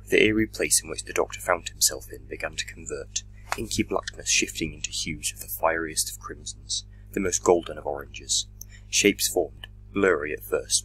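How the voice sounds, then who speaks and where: A man narrating a fan fiction audio drama in a dramatic, measured reading. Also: sits low, a bit bright, husky, low-quality recording. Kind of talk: scripted story narration.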